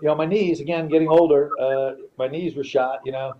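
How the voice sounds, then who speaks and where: Blunt, profane man with a slightly high voice. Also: steady tone, brisk, dull audio. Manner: profane, blunt, repeats himself while telling a story. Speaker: podcast guest, retired fighter. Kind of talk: casual storytelling.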